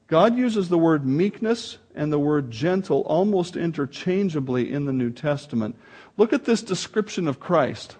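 A man's voice: fairly high pitch, slightly rough. A man preaching a sermon, emphatic and dramatic, reading scripture aloud. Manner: animated, emphatic preaching with dramatic swings in loudness. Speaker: pastor.

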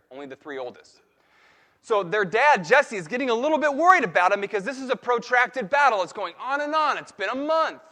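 A man preaching a sermon, retelling a Bible story in a lively way and acting out the characters' lines. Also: high-pitched. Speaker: pastor.

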